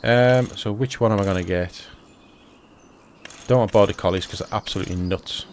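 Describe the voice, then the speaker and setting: A man's voice: fairly low pitch, moderate pace, a little hiss or hum. A man giving casual commentary while playing a farming game, chatty and thinking aloud to himself. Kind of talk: casual let's-play commentary.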